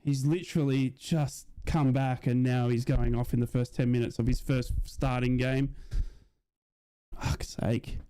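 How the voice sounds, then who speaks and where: A man's voice: medium pitch, flat delivery, moderate pace, hardly any pauses, warm tone, smooth. A man streaming a live football watch-along, chatting casually, reading out viewers' messages and often asking "do you know what I mean".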